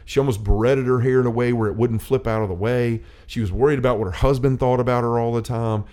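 A middle-aged man talks fast in a dark, medium-pitched voice whose tone stays steady. He hosts a faith-based chat, telling an earnest, rambling personal story with many restarts and quoted dialogue.

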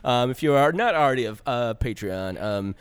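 Laughing, swearing podcast co-host, clear voice. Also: male voice, medium pitch, expressive, normal speed, dry recording. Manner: laughs often, rambling with fillers and profanity. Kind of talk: casual bar podcast banter. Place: bar.

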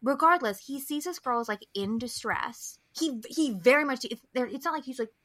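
Bright-voiced woman podcast host, animated. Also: sits high, moderate pace, no echo. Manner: animated, profane, heavy use of "like". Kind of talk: casual chat.

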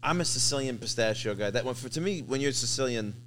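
A man's voice: medium pitch, animated, quick pace, a bit bright, slight background noise. A man co-hosting a casual food talk, bantering with enthusiasm and sentiment. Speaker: visiting show host. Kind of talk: casual conversation.

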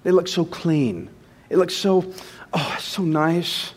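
A man with a high-pitched voice delivers a sermon. He leans hard on phrases he wants to land, then sinks into quiet, low asides. He often slows right down to repeat a line. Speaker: pastor.

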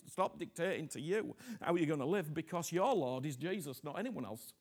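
Impassioned preacher, whisper to shout. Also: male voice, a little high, expressive, normal speed, hardly any pauses, slightly rough. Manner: swings from hushed whispers to loud impassioned pleading; repeats himself, asks "you understand me?" often. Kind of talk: sermon.

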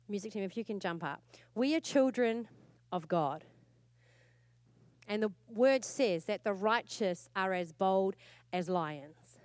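A woman's voice: mid-range voice, no room sound. A woman pastor with a New Zealand accent preaching a sermon in a church, earnest and exhorting, repeating her points for emphasis.

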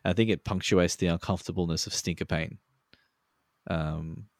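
A man with a very low, gravelly voice talks through a laid-back, rambling podcast chat and swears often. The sound is close and dry. He is a co-host on a remote call. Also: steady tone, normal speed, no echo.

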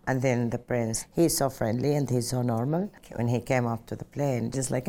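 A middle-aged Saudi woman with an unusually deep, dark and mellow voice is a pilot telling the story of her path in an interview. She speaks earnestly and reflectively in a steady tone at a moderate pace, with hardly any pauses and frequent "just like" fillers.

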